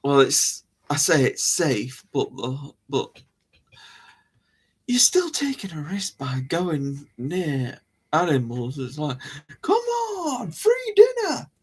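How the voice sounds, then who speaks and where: A man's voice: a little high, lively intonation, slow pace, slightly rough. A man hosting a live chat stream, rambling casually, laughing often and restarting his sentences. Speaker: livestream host.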